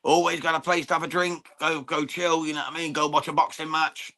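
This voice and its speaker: Slightly high in pitch, flat in delivery, and a little fast, this Englishman's voice sounds pushed and bright. He's running a live boxing watchalong stream, casually chatting with viewers, using "mate" a lot, swearing freely, and commenting on the action.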